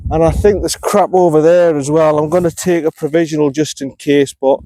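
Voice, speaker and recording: A man's voice: a little high, fairly even intonation, a little fast, hardly any pauses, dark tone, no echo. A man, vlogging his golf round outdoors, talking himself through each shot and getting annoyed at his own play. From North East England. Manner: frustrated, self-critical, talks himself through shots. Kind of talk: on-course golf commentary.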